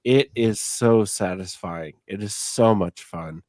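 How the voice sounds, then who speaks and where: A man's voice: on the low side, takes it slowly, darkish tone, no echo. A middle-aged man hosting a casual chat, tipsy and slightly slurring, ranting with plenty of profanity. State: tipsy from drinking. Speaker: podcast host.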